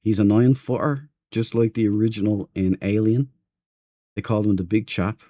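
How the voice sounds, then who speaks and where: A man's voice: lowish voice, steady tone, moderate pace, warm tone, dry recording. Man, game streamer, chatty, self-mocking, greets chat, casual live stream talk. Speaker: gaming livestream host.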